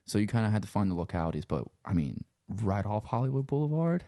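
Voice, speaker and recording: A man's voice: fairly low pitch, very animated, quick pace, warm tone, no room sound, studio quality. A man from Louisiana with a Cajun accent, talking in a laid-back, rambling way and swearing freely in a casual conversation. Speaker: podcast guest.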